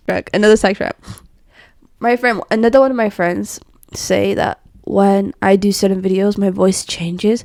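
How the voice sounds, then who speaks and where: A young woman vents casually in her bedroom, jumping between thoughts with self-mocking humour. Her voice sits at an ordinary pitch. The sound is close and dry, with no room echo. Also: fairly even intonation, a little slow, pauses often, a little mellow. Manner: scattered and self-mocking, laughing often and sighing. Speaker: vlogger. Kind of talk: casual rambling rant to camera.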